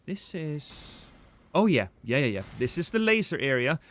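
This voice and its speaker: A man's voice: on the high side, very animated, moderate pace, fairly bright tone. A man streaming a game live, chatting with viewers in a rambling, joking, self-deprecating way.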